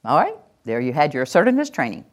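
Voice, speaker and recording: A woman teaching a workshop to an audience, animated and acting out example voices. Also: deep voice, very fast. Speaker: teacher trainer.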